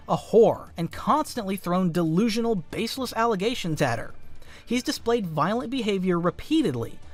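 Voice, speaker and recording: A man reading scripted narration for a commentary video with a dramatic, emphatic delivery. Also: sits high.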